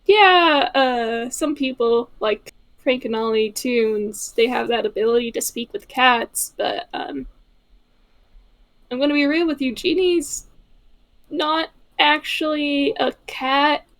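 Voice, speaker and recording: A woman's voice: sits high, slow pace, fairly bright tone, heavily acted. A woman voicing an easygoing young man in a tabletop role-play, talking in a breezy, chuckling way.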